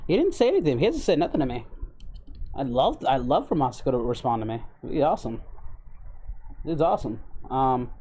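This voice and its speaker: Chill guy rambling to his stream chat, mellow voice, keeps it low and easy. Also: sing-song, a little fast, long pauses, husky. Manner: laid-back, rambling, greets chat by name. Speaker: livestreamer and voice impressionist. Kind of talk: casual livestream chat.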